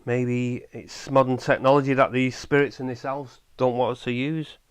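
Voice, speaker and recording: English man hunting ghosts, halting. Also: mid-range voice, little pitch movement, clean tone. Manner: halting, explains equipment with many fillers, calls out politely to spirits. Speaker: paranormal investigator. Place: small old house indoors.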